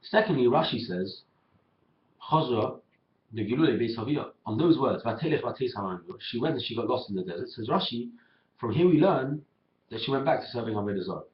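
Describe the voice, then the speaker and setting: A man giving a talk on the weekly Torah portion, telling a story and acting out the dialogue with lively emphasis, recorded on a webcam. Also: medium pitch, a little fast. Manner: animated storyteller, acts out dialogue in quotes. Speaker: Torah teacher. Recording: lo-fi roomy webcam sound.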